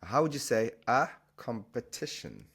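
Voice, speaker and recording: A man explaining a language lesson, patiently repeating words slowly for the learner. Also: mid-range voice, wildly swooping pitch, creaky, fairly bright tone, slightly rough. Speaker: Spanish teacher.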